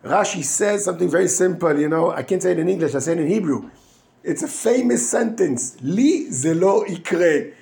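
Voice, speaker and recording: A man's voice: high-pitched, moderate pace, creaky. A man, a rabbi at a yeshiva giving a weekly Torah talk in English. He often restarts while searching for English words. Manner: animated, acts out quoted speakers in raised voices.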